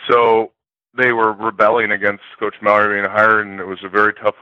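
Older male guest, lowish voice, spins lively anecdotes, slightly dull dry recording. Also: brisk, clean tone, dry recording. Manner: animated storyteller, acts out quotes loudly, laughs often. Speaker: former college football player, guest. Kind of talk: interview storytelling.

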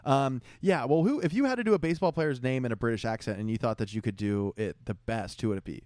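A man's voice: mid-range voice, quick pace, darkish tone, no echo. A young man co-hosting a casual podcast, rambling and jokey, laughing often. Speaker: podcast co-host. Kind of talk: casual chat.

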